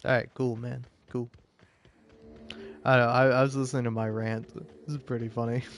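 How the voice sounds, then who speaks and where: A man's voice: mid-range voice, level tone, brisk, a little hiss or hum. An American man giving rambling, jokey commentary while playing a game, stammering now and then as he talks. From United States. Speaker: gaming streamer. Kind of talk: casual gameplay commentary.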